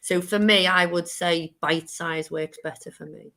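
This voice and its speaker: A woman hosts a relaxed chat show. Her voice is bright and forceful, and she talks in long rambling runs with frequent laughs. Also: fairly low pitch, a little slow. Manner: chatty, rambling, laughs often. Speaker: co-host.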